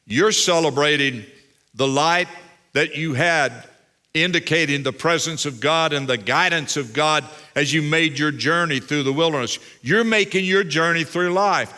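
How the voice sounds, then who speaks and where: A man's voice: on the high side, measured pace, sharp tone. A man preaching a sermon as pastor, emphatic and fond of repeating phrases for weight.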